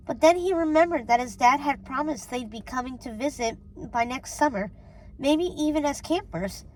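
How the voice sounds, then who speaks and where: A woman reading a children's chapter book aloud in an expressive storytelling way. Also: on the high side, rough recording. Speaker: storybook reader. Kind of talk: children's read-aloud narration.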